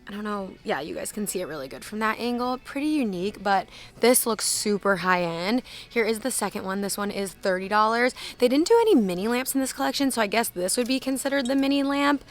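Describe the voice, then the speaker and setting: Young woman, average pitch, casual shopping vlog, chatty with lots of fillers, inside a big store, phone recording. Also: a little fast, hardly any pauses. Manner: chatty, lots of "like", reads out prices. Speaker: shopping vlogger. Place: inside a large retail store.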